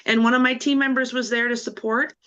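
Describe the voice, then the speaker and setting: A woman tells her story over a video call, emotional and animated, often starting her sentences over. Her voice is bright and forceful, and the call audio sounds dull and lo-fi. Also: on the high side, a little fast. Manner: emotional, animated, rambling with restarts. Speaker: team member on a call. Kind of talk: casual personal sharing.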